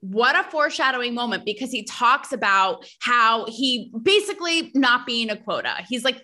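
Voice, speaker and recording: A woman hosting a podcast, talking in a casual, gossipy and animated way, full of sass and asides to her listeners. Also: on the high side, moderate pace, few pauses. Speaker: podcast host. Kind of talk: casual chat.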